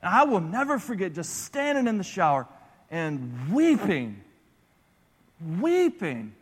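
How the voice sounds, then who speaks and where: A man preaching a sermon through animated personal stories. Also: sits high. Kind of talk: storytelling sermon. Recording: echoey large hall.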